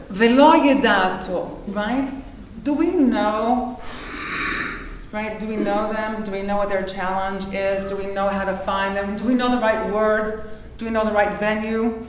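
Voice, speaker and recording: Animated woman teaching in an echoey hall. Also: medium pitch, slight background noise. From Israel. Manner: animated, questioning, quick bursts with laughs. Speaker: rabbinic teacher. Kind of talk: interactive text study lecture. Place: large synagogue hall. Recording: echoey hall, mic far off.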